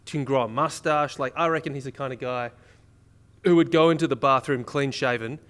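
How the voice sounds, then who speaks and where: A man's voice: medium pitch, steady tone, brisk, fairly bright tone. A man co-hosting a comedy podcast, joking crudely and reading a news story aloud in casual banter. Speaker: podcast co-host.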